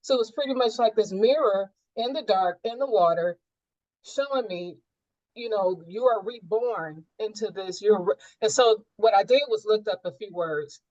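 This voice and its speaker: A woman's voice: medium pitch, normal speed, darkish tone, no echo, highs cut off. A woman sharing a personal experience in a group coaching session, reflective and searching, with many fillers.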